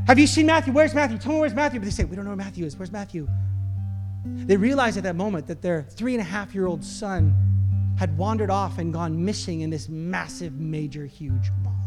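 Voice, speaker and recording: A man with a high voice preaches a sermon, telling his story with lively energy and acting out frantic calls along the way. A guitar plays clearly in the background throughout. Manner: animated storytelling, acting out frantic family shouts. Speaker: pastor. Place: church auditorium. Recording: guitar playing under the voice.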